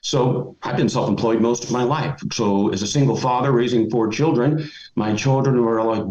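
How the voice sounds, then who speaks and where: A man's voice: medium pitch, normal speed, a little mellow. A middle-aged man giving motivational advice as a podcast guest, emphatic and folksy. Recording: roomy, dull lo-fi audio.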